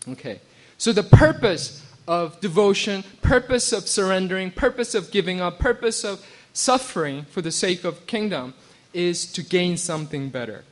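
High-voiced man preaching conversationally. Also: lively intonation, moderate pace. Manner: conversational preaching with frequent restarts and "right?" check-ins; acts out quoted voices with bursts of laughter. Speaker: pastor. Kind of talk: sermon.

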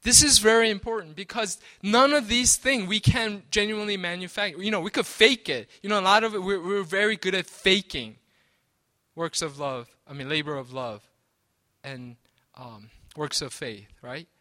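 A man's voice: sits high, normal speed, bright, forceful tone. A man preaching a sermon, conversational, often checking in with "right?" and restarting his sentences. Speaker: pastor.

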